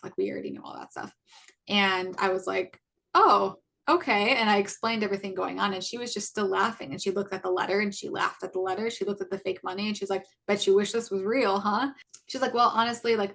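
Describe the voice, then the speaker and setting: A woman's voice: mid-range voice, gravelly, fairly bright tone. A woman in her twenties, a podcast co-host, casually recounting a personal story and acting out what people said to her. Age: 20s. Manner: retells events by acting out quoted exchanges; chatty, many likes and restarts.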